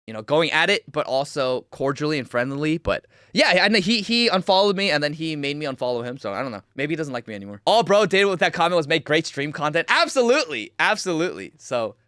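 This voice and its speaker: A young man hosting a livestream, reacting to a video with loud, mocking, excitable commentary. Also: fairly high pitch, quick pace, hardly any pauses, clean tone, no echo, studio quality. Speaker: streamer host.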